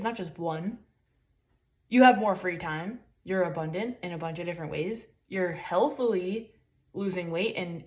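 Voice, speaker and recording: A woman vlogger giving a rambling, emphatic motivational talk full of swearing. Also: lowish voice. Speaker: spiritual vlogger. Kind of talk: casual motivational monologue.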